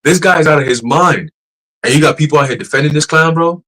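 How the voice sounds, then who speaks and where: Animated, profane man preaching casually. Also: on the high side, brisk, low-quality recording. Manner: animated, profane, laughing, many restarts. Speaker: church teacher.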